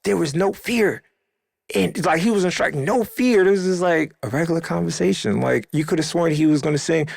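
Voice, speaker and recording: A young man hosting a podcast, telling a story in casual, animated fashion and acting out the voices of people he quotes. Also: high voice, moderate pace, vocal fry, no echo, clean studio sound. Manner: animated, acts out quoted voices, rising loud when excited. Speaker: podcast host.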